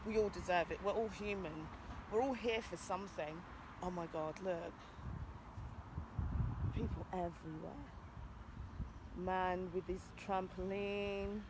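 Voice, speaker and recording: Her voice sits on the low side with a steady tone, and she speaks unhurriedly with long pauses. A British vlogger outdoors, she delivers an impassioned, urgent rant, calling out to passers-by over background noise.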